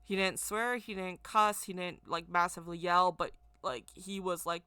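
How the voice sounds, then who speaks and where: A woman's voice: lowish voice, steady tone, normal speed, sharp tone, clear, resonant tone, no room sound. A woman vlogger telling a casual story in a rambling way, often repeating and correcting herself. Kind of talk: casual spoken anecdote.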